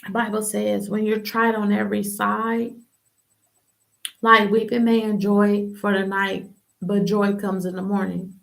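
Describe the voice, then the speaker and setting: A woman hosting a podcast, telling her personal testimony in an animated, candid way and acting out the voices of people she quotes. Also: medium pitch, measured pace, vocal fry. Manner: emphatic and candid. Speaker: podcast host. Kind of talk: personal testimony, casual talk.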